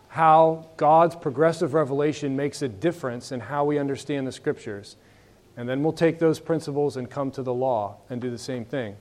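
A man's voice: fairly high pitch, a little mellow. A man teaching a Bible lesson to a class in a conversational way, asking his students questions.

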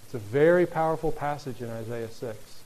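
A man preaching a sermon, reading scripture and acting out the speakers, then growing soft and low at the end. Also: normal speed, slight background noise. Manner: animated, acts out voices in quotes, drops soft and low near the end. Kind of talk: sermon, Bible teaching.

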